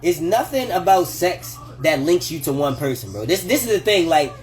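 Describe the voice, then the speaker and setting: High-voiced, animated man on a livestream. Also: moderate pace, soft background music. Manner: animated, profane, laughs often, acts out quoted voices. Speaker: livestream host giving relationship advice. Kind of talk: casual livestream talk. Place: home kitchen.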